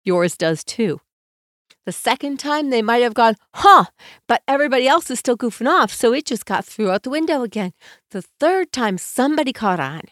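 A woman hosting a podcast, speaking in a gentle, soothing way and slowly guiding the listener through calm advice. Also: a little high, no room sound, studio quality. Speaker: podcast host.

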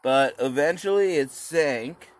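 A man telling history as a rambling, profane comic monologue, acting out quoted voices with sudden high shouts. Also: takes it slowly.

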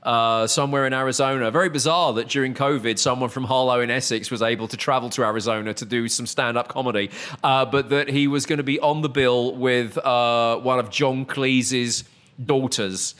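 A man's voice: medium pitch, fairly even intonation, moderate pace, fairly bright tone, clean tone. A man with an English accent hosting a podcast, chatting casually with fillers and wry asides. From England. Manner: chatty, self-deprecating, many fillers. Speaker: podcast host.

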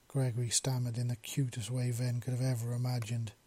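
Man reading a story in a mellow, husky voice. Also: medium pitch, flat delivery, brisk, no echo. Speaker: narrator.

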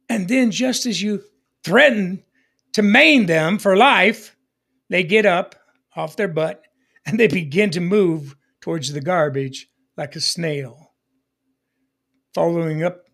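High-voiced preaching man, radio broadcast. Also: animated, takes it slowly, creaky, pauses often, fairly bright tone. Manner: emphatic preaching with repeated phrases and call-and-response. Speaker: pastor. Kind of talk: broadcast sermon. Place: broadcast studio.

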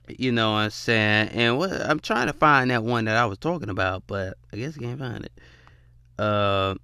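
Animated bright-voiced man reacting to clips. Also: fairly low pitch, smooth, no room sound. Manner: animated, laughs often, talks straight to viewers. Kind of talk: casual reaction commentary.

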